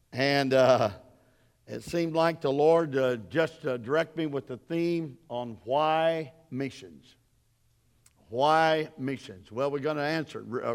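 A man preaching a sermon in a church, halting, with many fillers, and building up to shouted questions. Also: mid-range voice, clean tone. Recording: long reverb in a large hall.

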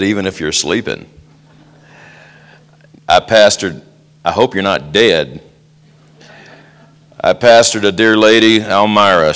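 Low, resonant joking preacher man. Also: fairly bright tone, clean tone. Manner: folksy, joking asides. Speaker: pastor. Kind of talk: sermon.

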